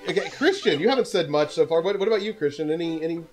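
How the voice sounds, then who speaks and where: Easygoing male host of a gaming chat; animated delivery, light music bed. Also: on the high side, very fast. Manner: laid-back, laughs often. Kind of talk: casual chat while gaming.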